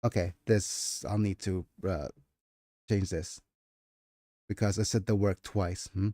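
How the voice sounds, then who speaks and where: A man's voice: sits low, steady tone, slow pace, dark tone, no echo. Guy chatting on his stream about his novel, fixes his own lines as he goes, dry mic. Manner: self-correcting, chatty. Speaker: streamer and author. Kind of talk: casual livestream chat.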